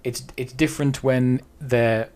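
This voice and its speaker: A man co-hosts a podcast in casual discussion, his mid-range voice a little mellow, his intonation fairly even and his pace measured. He is thoughtful, weighing both sides of the question.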